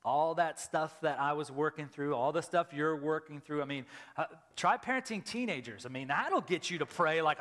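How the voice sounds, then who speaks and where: Animated pastor in an echoing church hall. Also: male voice, fairly high pitch, moderate pace. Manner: animated storytelling, acting out his own reactions loudly. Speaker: lead pastor. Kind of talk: sermon. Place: church sanctuary. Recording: church hall with long reverb.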